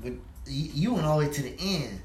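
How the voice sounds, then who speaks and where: A man co-hosting a casual podcast about TV shows, talking through plot theories in a relaxed, slangy way. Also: on the high side. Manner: relaxed, slangy, unhurried storytelling. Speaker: podcast co-host. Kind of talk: casual TV review chat. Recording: echoey room with faint noise.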